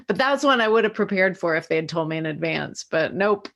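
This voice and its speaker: An American woman with a slightly low voice, speaking casually in an interview. She is a voice actor who tells stories about her work in a chatty, self-deprecating way. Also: fairly bright tone. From United States.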